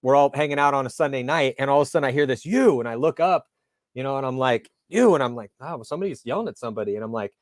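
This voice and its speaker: A male host chatting casually into a close, dry mic. He tells stories with energy and acts out the voices of the people in them. His pitch sits in the usual middle range. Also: rapid-fire, clean tone, dry recording. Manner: animated storyteller acting out dialogue. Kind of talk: casual interview and storytelling.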